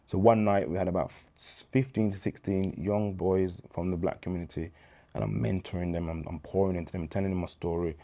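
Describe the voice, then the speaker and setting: This is a man with a Birmingham accent whose voice sits very low and sounds dark and mellow. He talks in a relaxed, casual interview manner, but his storytelling turns lively and preacher-like, full of slang. He comes across as a man in his thirties. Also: brisk. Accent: Birmingham English. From England. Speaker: guest, charity founder.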